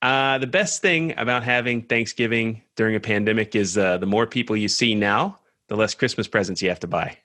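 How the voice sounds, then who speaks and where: A man co-hosting a comedy podcast, telling a joke with lively storytelling. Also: on the low side, fairly quick, few pauses. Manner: lively storytelling with character voices. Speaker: podcast co-host.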